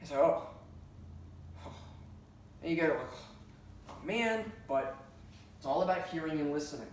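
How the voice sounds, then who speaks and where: A man's voice: a little high, fairly even intonation, quick pace. A man teaching a class for emergency dispatchers, talking casually with lots of fillers and stories. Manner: conversational, uses many fillers and personal anecdotes. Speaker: trainer for 9-1-1 dispatchers. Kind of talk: classroom lecture. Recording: very echoey room, distant mic, faint hiss.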